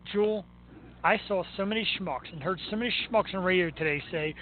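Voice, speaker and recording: A man's voice: high-pitched, brisk. A man from Philadelphia hosting a show, talking sports in an enthusiastic, chatty way and laughing easily. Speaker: show host. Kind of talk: casual sports talk. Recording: tinny phone-like line with faint noise.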